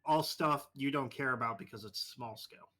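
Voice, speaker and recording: A man's voice: mid-range voice, moderate pace, pushed and bright. A man running a tabletop game over a voice call, narrating casually and swearing freely. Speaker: game master.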